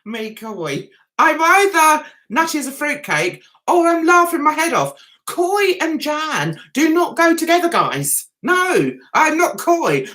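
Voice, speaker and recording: A middle-aged woman chats on her livestream in a high, bright voice. Her pitch swoops up and down as she tells the story. She giggles between lines. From England. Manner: giggly, chatty storyteller, laughs often. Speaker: livestream host. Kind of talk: casual livestream chat.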